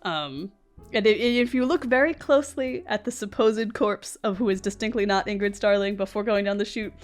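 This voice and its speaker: A woman's voice: medium pitch, moderate pace, faint music behind. A woman playing a tabletop game, thinking aloud about her character's next move in a playful, hesitant way. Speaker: player. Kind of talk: casual tabletop play.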